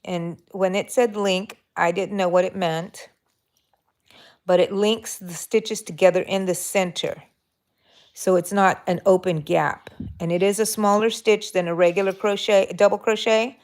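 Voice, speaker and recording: A woman's voice: medium pitch, fairly even intonation, measured pace. A woman hosting a live crochet stream, chatting casually and thinking aloud as she works. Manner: rambling, thinking aloud with fillers. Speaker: crochet channel host.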